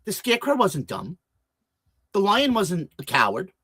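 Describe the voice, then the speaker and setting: A talk show host, a man, chats in an interview with a lively, swinging delivery and keeps restarting his sentences. His voice is dry and close, with no room around it. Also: high-pitched, measured pace, breathy edge, no room sound. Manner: chatty, lively storyteller with many restarts.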